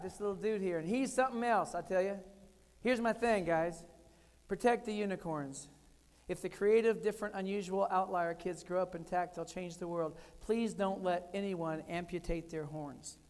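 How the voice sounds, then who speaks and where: A man in his forties giving a keynote talk, telling comic, animated stories with sudden loud punchlines. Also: high-pitched. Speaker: keynote speaker. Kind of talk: storytelling keynote speech. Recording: long hall reverb.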